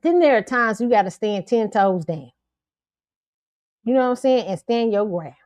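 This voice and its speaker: A woman's voice: on the high side, moderate pace, no echo, clean studio sound. Sassy, blunt woman host. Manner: blunt, sassy, animated, laughs often. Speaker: show host. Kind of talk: pop culture commentary livestream.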